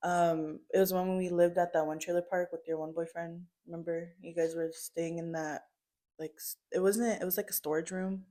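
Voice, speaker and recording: Young woman telling a family story, lowish voice, lots of likes and ums. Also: fairly even intonation, moderate pace, dark tone. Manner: chatty, full of "like" and "um" fillers. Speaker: daughter telling her story.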